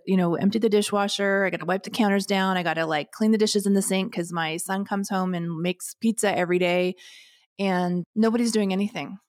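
A middle-aged woman talks openly on a podcast, frank and emotional, close to tears. Her voice has a medium pitch and a plain conversational delivery. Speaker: podcast co-host. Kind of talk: casual podcast chat.

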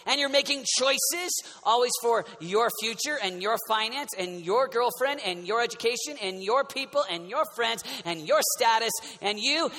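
A man preaching a sermon in an animated, conversational storytelling manner, in a large hall. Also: very high-pitched. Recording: long reverb of a large hall.

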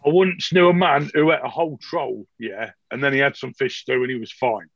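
A man's voice: mid-range voice, steady tone, brisk, no echo, lo-fi sound, natural voice. A man voicing an obsequious male innkeeper who rambles to please his guest. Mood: teasing. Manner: fawning, rambling.

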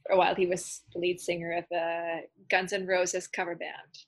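A woman's voice: lowish voice, monotone, normal speed, slight background noise. A woman guest on a podcast, talking in a reflective, giggly way over a video call. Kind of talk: casual heartfelt conversation.

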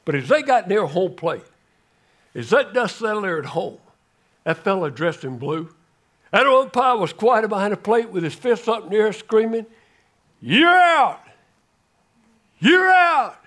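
An older man preaching a sermon, telling a story dramatically and swinging from loud calls to hushed words. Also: sits high, expressive, normal speed. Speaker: guest preacher.

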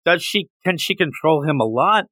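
Keep it bright and forceful, a man co-hosting a podcast in casual chat. Retell scenes with animated energy and jump up in pitch when acting out a character. Keep the sound dry and close. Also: normal speed, no echo. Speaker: podcast co-host. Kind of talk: casual discussion of a manga chapter.

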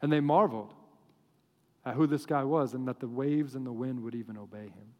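A man preaching a sermon to a congregation, telling stories in an animated, joking way. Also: mid-range voice, a little fast, lo-fi sound. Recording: long hall reverb.

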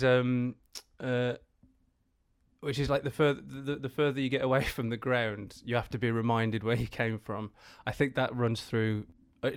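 A man from the Black Country with a Black Country accent, a comedian chatting as a podcast guest, halting with many restarts and easy laughs. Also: mid-range voice, clear, resonant tone. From Black Country, England. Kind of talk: casual podcast chat.

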